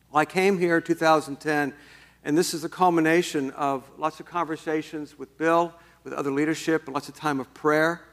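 A man's voice: fairly high pitch, fairly even intonation, fairly quick, a bit bright. A middle-aged male pastor giving a folksy, conversational sermon with small fillers and restarts.

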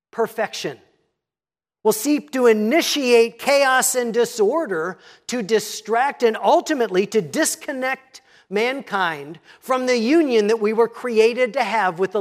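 A pastor preaching a sermon, teaching in a measured tone and reading scripture aloud. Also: medium pitch.

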